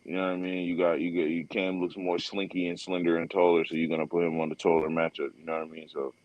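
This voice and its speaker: A man co-hosting a casual sports fan podcast, talking in a relaxed, rambling way with lots of fillers. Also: low voice, fast, dry recording, muffled recording. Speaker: podcast co-host.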